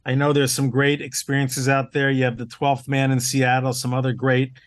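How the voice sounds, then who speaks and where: A man of medium pitch, completely flat in delivery and talking at normal speed, is interviewed casually as a team owner on a podcast. Even so, he sounds earnest and enthusiastic, with frequent "uh" fillers and restarts. No room sound comes through.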